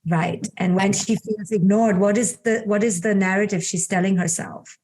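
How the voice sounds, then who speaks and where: A middle-aged woman speaking as a psychologist in a conversational interview. She leads a guest step by step with calm, steady questions and warm affirmations. Her pitch sits in an ordinary middle range. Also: normal speed. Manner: calm, affirming, repeats "beautiful". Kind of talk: guiding a coaching exercise in conversation.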